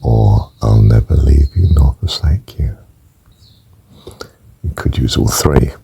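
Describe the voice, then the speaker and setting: Gravelly older man, slow and husky. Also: extremely low pitch, poor audio. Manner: slow, gentle counting with soft near-whispered stretches. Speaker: spiritual teacher. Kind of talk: guided breathing meditation.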